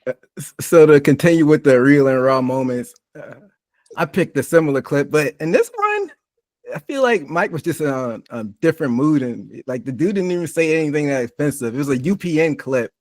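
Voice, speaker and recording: A man hosting a podcast, speaking in a relaxed, casual manner in a chat with a guest. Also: fairly high pitch, brisk, no echo. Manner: relaxed, casual, uses fillers. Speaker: podcast host.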